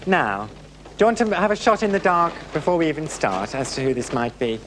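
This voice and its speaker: Camp, teasing game show host. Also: male voice, a little high, big pitch swings, moderate pace, fairly bright tone, a little hiss or hum. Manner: camp, arch, teasing quips. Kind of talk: studio game show hosting. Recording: TV studio with audience and music.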